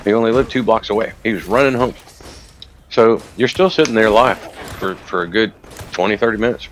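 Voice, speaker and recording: A man's voice: fairly low pitch, fairly quick, slight background noise. A man casually retelling a story while gaming, rambling and profane. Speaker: gamer recounting a news video.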